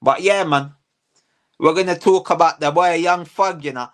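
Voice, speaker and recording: A man's voice: a little high, normal speed, a bit bright. A man hosts a casual commentary show. He rants heatedly and hammers the same phrases over and over, his speech full of slang. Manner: heated, repetitive ranting with slang. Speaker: host.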